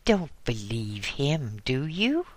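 A man voicing a blustering truck driver who mocks and shouts in exasperation, pitching his voice up. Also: sing-song, slow pace, dry recording. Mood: exasperated. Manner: loud, exasperated, fumbling for words.

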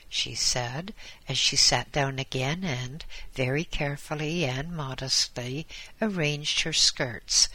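An audiobook reader narrating a story in a slow, deliberate manner. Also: medium pitch, bright, forceful tone, poor audio.

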